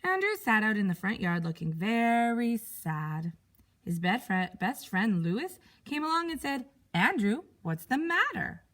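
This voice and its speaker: A teacher reading a picture book aloud to young pupils, expressive and animated. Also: female voice, mid-range voice, measured pace.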